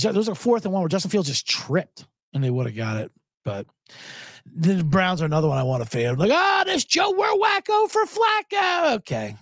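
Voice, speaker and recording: Animated high-voiced man hosting a podcast. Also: gravelly, no echo, clean studio sound. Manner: animated, profane, jumps between topics with loud mocking impressions. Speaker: podcast host. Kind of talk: casual sports betting podcast monologue.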